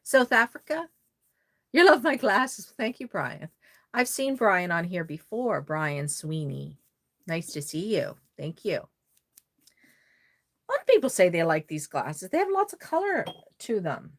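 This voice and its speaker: A woman's voice: fairly low pitch, big pitch swings, a little slow. Woman, from Nova Scotia, casual live-stream chat, rambling, greets viewers. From Nova Scotia, Canada. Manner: rambling, chatty, reads viewer comments aloud. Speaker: doll maker live-streaming.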